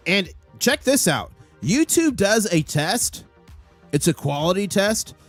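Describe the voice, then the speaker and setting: Man, livestream host, excitable market commentary, rattles off prices, slightly high voice. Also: slow pace, faint music behind.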